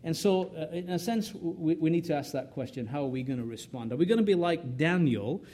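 A man's voice: on the high side, brisk, mellow. A middle-aged man from North America preaching an expository sermon, emphatic, asking rhetorical questions and often tagging "right?" while repeating and restarting words.

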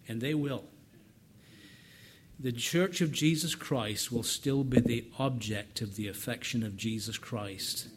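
A man's voice: mid-range voice, a little hiss or hum. A middle-aged man preaching a sermon in an earnest, conversational way, often repeating words as he builds up.

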